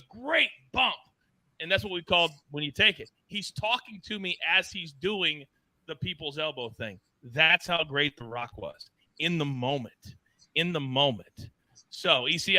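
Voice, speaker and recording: Male sports-betting host: very bright, fairly high voice, dry close sound, lively teasing banter. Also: moderate pace, no room sound. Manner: animated, storytelling, teasing co-hosts.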